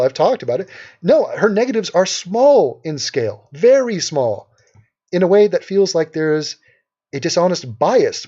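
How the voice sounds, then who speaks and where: A man's voice: sits high, a little mellow, husky. A man from Los Angeles hosting a casual livestream, brash and sarcastic as he reads out and answers questions from the chat. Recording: dull lo-fi stream audio.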